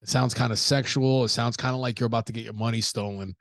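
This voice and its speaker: This podcast host delivers casual solo commentary at a fast clip, loose, blunt and profane, frequently breaking into acted-out impressions of others. His gravelly, mid-range voice keeps a fairly even intonation, recorded close and dry without any room sound.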